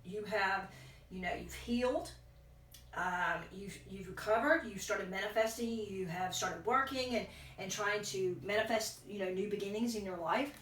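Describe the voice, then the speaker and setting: A woman's voice: mid-range voice, normal speed, a bit bright, a little hiss or hum. A woman giving a casual tarot reading, rambling and correcting herself as she thinks aloud while chewing gum. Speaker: tarot reader. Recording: echoey room, distant from mic.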